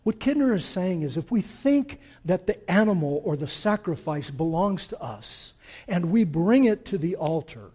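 Man preaching, surging to loud emphasis. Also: high voice, big pitch swings, measured pace, breathy edge. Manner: swells from quiet explanation to loud emphatic declarations; conversational asides to the congregation. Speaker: pastor. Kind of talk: sermon.

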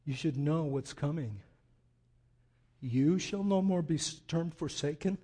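A male pastor preaches an impassioned sermon in a slightly high, unhurried voice. He swings from hushed reflection to loud, pleading emphasis, repeating words as he goes.

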